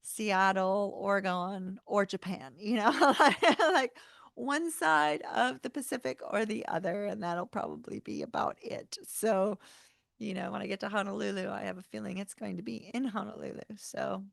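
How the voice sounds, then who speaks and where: A woman's voice: mid-range voice, moderate pace, vocal fry, dry recording, studio quality. A woman hosting a tarot channel livestream, chatting casually with viewers, laughing often and saying y'all. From North Carolina, US.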